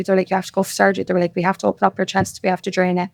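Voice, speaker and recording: Fast-talking Cork woman, gravelly voice. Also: medium pitch, completely flat delivery, darkish tone, no room sound, studio quality. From Ireland. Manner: rapid, with quoted dialogue. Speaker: guest. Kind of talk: casual storytelling. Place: podcast studio.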